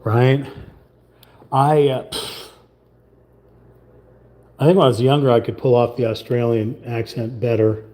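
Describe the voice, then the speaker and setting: A man's voice: medium pitch, steady tone, a little slow, pauses often, mellow. A man hosting a livestream, chatting casually and rambling while he paints at a table, sometimes trailing off into muttering. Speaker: livestream host.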